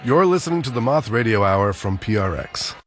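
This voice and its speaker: A man hosts a radio show and reads a scripted introduction. His voice is on the low side, and his delivery is measured and even. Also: a little hiss or hum. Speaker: radio host.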